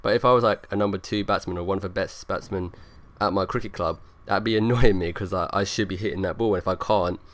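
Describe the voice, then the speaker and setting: A man's voice: low-pitched, steady tone, fast talker, hardly any pauses. A young man rambling through casual gameplay commentary, leaning on lots of fillers. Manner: rambling, filler-heavy, talks over gameplay. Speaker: gaming YouTuber.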